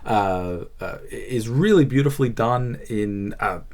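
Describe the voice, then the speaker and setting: A man's voice: on the low side, measured pace, darkish tone. A man hosting a book channel, talking casually about a book he is reading, thinking aloud with frequent fillers and restarts. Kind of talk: casual spoken book review.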